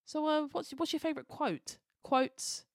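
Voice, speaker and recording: Chatty woman podcast co-host, dry sound. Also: dry recording. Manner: animated, jokey, quick to quote lines in high put-on voices. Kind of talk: casual chat.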